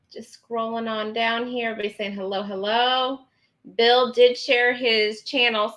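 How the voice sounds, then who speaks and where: A woman's voice: fairly high pitch, pushed and bright, poor audio. A woman hosting a casual live stream, chatting and reading viewer comments aloud with many ums.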